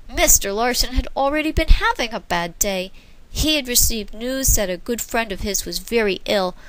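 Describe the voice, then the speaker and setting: A woman reading a children's storybook aloud, expressive and easily moved, breaking off now and then to comment. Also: fairly high pitch, poor audio. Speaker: storybook reader.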